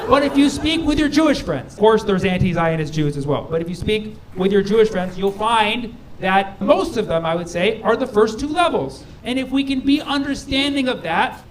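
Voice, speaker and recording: A male stand-up comedian performing an animated set, jumping into exaggerated voices for his bits. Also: high-pitched, moderate pace. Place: live comedy venue with audience. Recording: live room with crowd and noise. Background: audience laughter.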